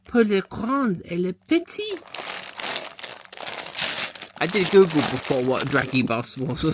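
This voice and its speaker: A man's voice: a little high, noisy background. A man chatting casually as he unboxes a mystery box, thinking aloud as he handles the packaging. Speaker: unboxing vlogger.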